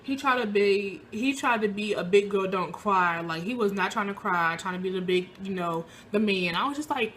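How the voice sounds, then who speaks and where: A woman's voice: mid-range voice, normal speed, few pauses, slight background noise. A young woman telling a personal story in casual speech, acting out what people said in a raised voice. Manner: animated, acts out quoted lines in a raised voice. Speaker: vlogger.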